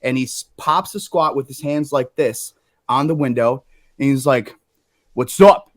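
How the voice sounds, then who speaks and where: Brief: animated male podcast guest, storyteller, dry close mic. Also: medium pitch, normal speed, no room sound. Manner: animated, swearing, acts out quoted lines.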